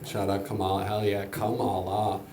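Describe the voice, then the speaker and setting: A man's voice: fairly low pitch, completely flat delivery, moderate pace, noisy background. A man doing a stand-up comedy set on a club stage, talking loosely and conversationally with offhand asides. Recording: echoey club with crowd laughing.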